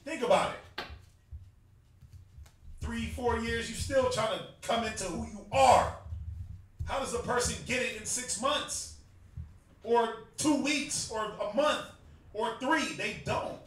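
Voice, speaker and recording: A Southern US man with a fairly high voice teaches a religious class in a loose, joking, conversational way. He laughs often and drops into slang. He is picked up from across a very echoey room by a distant mic, with faint hiss behind him. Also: takes it slowly, long pauses, fairly bright tone. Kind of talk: casual sermon-style class teaching.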